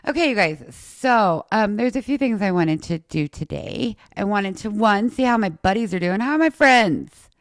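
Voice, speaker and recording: A woman hosting a podcast, telling a personal story in casual chat with an animated, sarcastic manner. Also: mid-range voice, no echo, clean studio sound. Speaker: podcast host.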